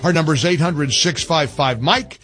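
A man's voice: fairly high pitch, normal speed, fairly bright tone, faint music behind. A man hosting a talk radio show from a studio, speaking in a heated, emphatic way with his voice jumping up on key words. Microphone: studio mic.

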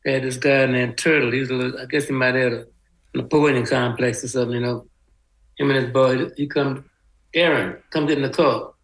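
A man's voice: medium pitch, level tone, fast talker, poor audio. A man in a casual interview, telling stories from his past in a loose, rambling way with many "you know"s and a lilt. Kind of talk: casual storytelling.

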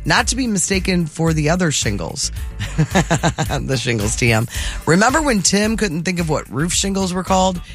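A woman's voice: on the low side, sing-song. Woman, radio morning co-host, casual and chatty, reads listener texts, faint music behind. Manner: chatty, giggly, quick asides. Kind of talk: casual chat, reading listener texts aloud.

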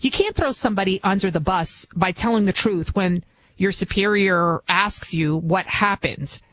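A woman with a Bronx New York accent, not a native English speaker, guest-hosts a talk radio show, chatty and emphatic and often restarting sentences. Her voice is medium pitch at a moderate pace with a fairly bright tone. The audio is poor, with slight background noise.

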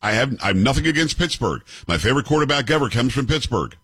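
A man's voice: mid-range voice, big pitch swings, fast talker, a bit bright, slightly rough, dry recording. A man in his fifties hosting a commentary show, arguing with clips in a combative, sarcastic way and firing off rhetorical questions. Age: 50s.

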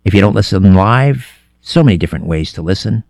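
A man's voice: on the low side, lively intonation, brisk, a little mellow, dry recording. A middle-aged man guest-hosting a late-night radio talk show, chatty and telling anecdotes. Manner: conversational, tells anecdotes with restarts. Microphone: studio microphone.

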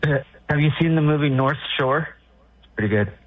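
A man phones in to a sports radio show, talking hesitantly and using lots of fillers. His voice is on the high side and brisk, and the phone-line recording sounds dry.

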